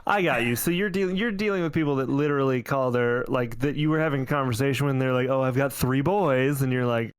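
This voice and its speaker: A man co-hosting a podcast, talking through a cartoon episode in a loose, rambling way and often correcting himself. His voice is smooth and clear. The recording is dry and close. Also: mid-range voice, fast talker, hardly any pauses, no room sound. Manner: rambling, self-correcting storyteller. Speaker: podcast co-host. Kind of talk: casual chat recapping a cartoon episode.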